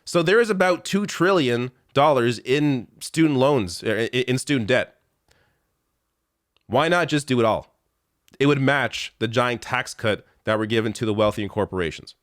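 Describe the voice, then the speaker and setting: A man's voice: medium pitch, moderate pace, dry recording. Exasperated male political commentator, dry sound. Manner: exasperated, sarcastic, rattles off lists.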